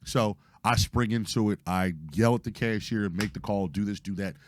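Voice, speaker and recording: A hoarse man, telling a story casually as podcast host, animated and profane, acting out what people said. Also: fairly low pitch, moderate pace, a little hiss or hum. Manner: animated, profane retelling with acted-out quotes.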